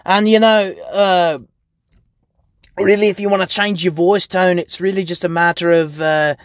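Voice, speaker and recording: A man's voice: sits high, fairly even intonation, normal speed, dry recording. A young man rambling and swearing in a casual podcast monologue, recorded sitting inside his parked car. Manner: profane, rambling, laughs often. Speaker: podcast host.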